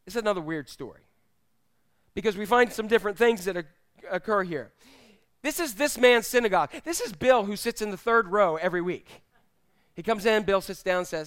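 Animated high-voiced male preacher. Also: fairly quick, clean tone. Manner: conversational, animated, addresses the congregation directly. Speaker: pastor. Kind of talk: sermon. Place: church.

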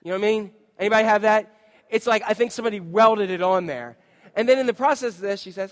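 A man's voice: high voice, racing. A middle-aged man, a pastor, delivering a sermon built around a funny personal story, playfully mimicking other people's voices.

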